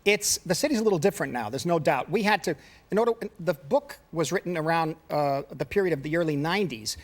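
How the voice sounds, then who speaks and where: A man telling animated stories as a talk show guest, laughing often. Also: on the high side. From New York. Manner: rapid, animated, laughing storyteller. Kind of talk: anecdotal storytelling. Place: television studio.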